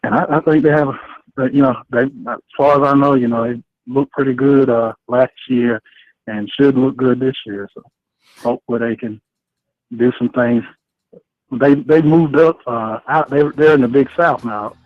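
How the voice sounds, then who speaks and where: A man's voice: medium pitch, steady tone, no room sound. Male radio caller on a tinny phone line. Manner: friendly, halting, repeats himself. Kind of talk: phone-in question.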